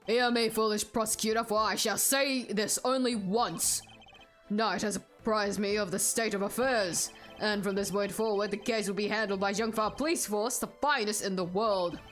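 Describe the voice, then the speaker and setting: A pompous male head of state gives slow, commanding declarations as a woman plays him. He speaks in a middle pitch for a woman's voice. Faint music plays beneath the voice. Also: steady tone, a bit bright, close to an everyday voice.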